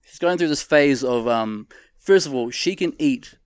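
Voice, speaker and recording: A middle-aged man chats on a podcast, swearing freely. He tells stories loudly and with animation. The sound is dry and close. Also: medium pitch, moderate pace, clean tone, no echo. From New Zealand. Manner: crude, swears a lot, loud animated storytelling. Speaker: podcast co-host. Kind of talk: casual chat. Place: home room.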